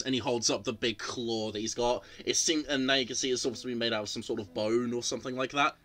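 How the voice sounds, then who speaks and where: A man's voice: medium pitch, steady tone, fast, few pauses, sharp tone, faint music behind. A man running a tabletop game on a stream, describing scenes loosely with lots of fillers. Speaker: game master. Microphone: headset or desk mic, streaming.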